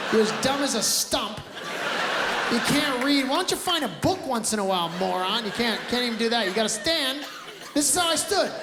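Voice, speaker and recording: Brash high-voiced comedian on a live stage. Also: male voice, very noisy. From Canada. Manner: brash, loud storytelling with acted-out outbursts. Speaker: stand-up comedian. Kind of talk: stand-up comedy. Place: large theater stage before a live audience. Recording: roomy live theater recording with crowd laughter. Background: audience laughter.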